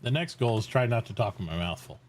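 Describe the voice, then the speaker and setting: A man's voice: lowish voice, lively intonation, quick pace, a little hiss or hum. A man streaming from home, chatting casually and joking with friends on a voice call. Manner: easygoing, joking, laughs while talking. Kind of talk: casual chat over voice call. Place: home, with a pet nearby.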